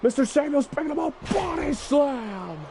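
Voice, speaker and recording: A man calling a wrestling video game match play-by-play, excitable and often shouting. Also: very high voice, normal speed, slight background noise. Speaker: gaming channel host.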